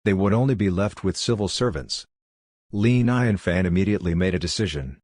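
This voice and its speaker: A man reading a fantasy audiobook as narrator in a steady, even storytelling delivery. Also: low-pitched, brisk, no echo, studio quality. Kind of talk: scripted narration.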